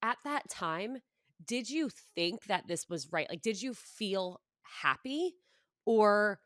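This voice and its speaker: A woman's voice: medium pitch, lively intonation, slow pace, no echo, studio quality. A woman hosting a podcast, asking questions in a chatty way, with lots of "like" and "you know". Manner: warm, chatty, filler-heavy. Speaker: podcast host. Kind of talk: conversational interview.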